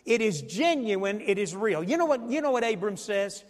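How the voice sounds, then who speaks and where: A man's voice: sits high, very animated, moderate pace, long reverb tail. A male pastor preaching a sermon, emphatic and asking the congregation questions. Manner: emphatic, call-and-response questions.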